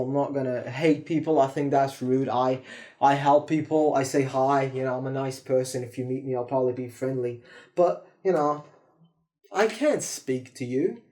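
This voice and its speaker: A man with a fairly high voice talks to camera as a self-improvement host. He swears freely and rambles. He jumps between loud, emphatic bursts and low, quiet asides. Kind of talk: casual monologue to camera.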